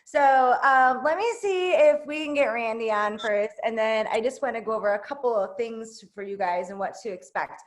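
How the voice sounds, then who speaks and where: A woman hosting a webinar in a bubbly, excitable way. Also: on the high side, moderate pace, few pauses. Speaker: webinar host.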